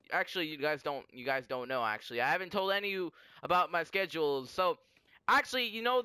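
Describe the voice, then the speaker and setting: A young man giving rambling, excitable live commentary over his gameplay, often stopping to correct himself. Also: sits high, smooth, dry recording. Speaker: gaming commentator.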